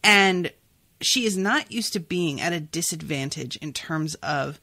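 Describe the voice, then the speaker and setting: This podcast host is a sniffly young woman talking about a book in a loose, chatty way, peppered with "like" and "um." She has a deep, expressive voice with a sharp tone, speaks unhurriedly, and the audio is dry.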